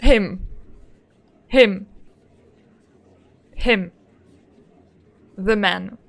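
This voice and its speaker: A woman's voice: mid-range voice, extremely slow, creaky, a bit bright. A woman streaming a game in casual, playful chat, speaking English as a second language and giggling often as she greets her viewers.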